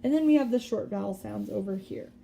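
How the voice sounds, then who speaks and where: A woman teacher giving a recorded spelling lesson, patiently explaining step by step and sounding out words slowly. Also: mid-range voice, vocal fry, warm tone, slight background noise. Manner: slow deliberate word-by-word sounding out.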